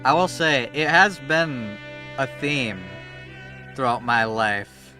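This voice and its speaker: Casting: young male streamer, bright tense voice, rambly and animated, swears a lot, faint game music behind. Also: medium pitch, slow pace. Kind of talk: casual chat while gaming.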